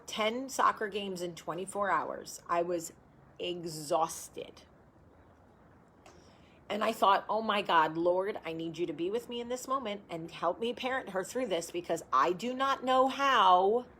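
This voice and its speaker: A woman's voice: mid-range voice, a bit bright. A woman with a New Jersey accent hosting a casual livestream chat, telling a rambling story and greeting viewers by name as she goes. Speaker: host.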